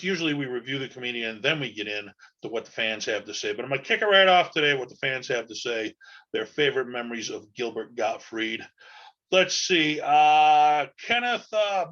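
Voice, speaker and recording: A man's voice: medium pitch, lively intonation, moderate pace, fairly bright tone. A man hosting a podcast in a casual, rambling monologue full of fillers and loose talk, on a dull lo-fi recording. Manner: rambling, chatty, loose with fillers and mild swearing. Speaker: podcast host.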